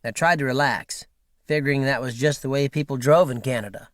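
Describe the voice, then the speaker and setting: A man's voice: medium pitch, brisk, no echo, clean studio sound. Man narrating an audiobook. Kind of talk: scripted narration.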